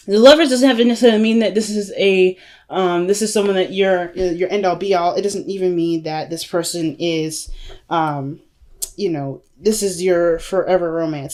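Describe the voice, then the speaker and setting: This woman, a tarot reader, chats emphatically through a casual reading for her viewers, sprinkling in "you know" and "right?" and calling them "family" and "y'all". Her medium-pitched voice is a little mellow.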